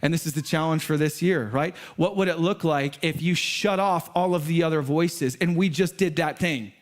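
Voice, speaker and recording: High-voiced pastor preaching casually. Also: male voice, moderate pace. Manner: casual, conversational preaching that swells to emphatic climaxes. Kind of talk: sermon. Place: church sanctuary.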